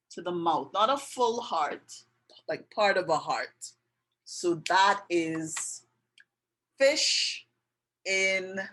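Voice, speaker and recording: A woman giving a casual drawing tutorial, gently narrating each step as she draws. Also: lowish voice, low-quality recording. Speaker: art tutor. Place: indoors with passing road traffic.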